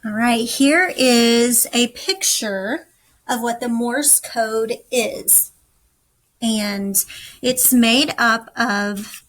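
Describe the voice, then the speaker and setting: A woman teaching a recorded lesson, speaking slowly and deliberately to young students. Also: on the high side, fairly bright tone, rough recording. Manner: slow, deliberate, instructive.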